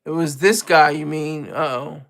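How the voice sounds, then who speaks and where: Male streamer host, high and bright, animated casual commentary with lots of restarts. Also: a little slow, vocal fry. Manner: animated, repeats and restarts phrases.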